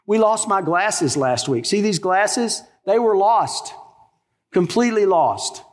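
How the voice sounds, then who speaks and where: A middle-aged preacher with a rather high voice, talking folksy and conversational from the pulpit. His words ring out in a big sanctuary with a long echo trailing behind them. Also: lively intonation, slow pace. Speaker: pastor. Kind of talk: sermon. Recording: long hall reverb.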